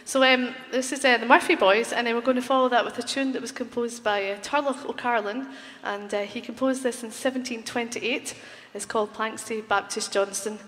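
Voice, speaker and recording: A woman's voice: fairly high pitch, fairly even intonation, fairly quick, few pauses, fairly bright tone. A woman from Glasgow, a musician introducing a tune live, chatty and teasing with many fillers, in a concert hall. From Glasgow, Scotland. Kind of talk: live stage banter. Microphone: stage microphone. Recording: live hall with crowd and long reverb.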